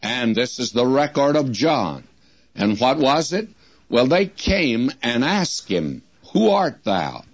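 An older man teaching the Bible as a radio preacher, slowing down and drawing out the words whenever he quotes scripture. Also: medium pitch, sing-song, no echo. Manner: slows to a drawn-out crawl when quoting scripture. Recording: muffled old radio broadcast recording.

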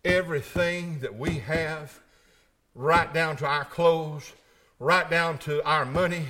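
A middle-aged male pastor preaching a sermon in a church, folksy, moving between quiet storytelling and shouted climaxes. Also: fairly high pitch, steady tone, slow pace.

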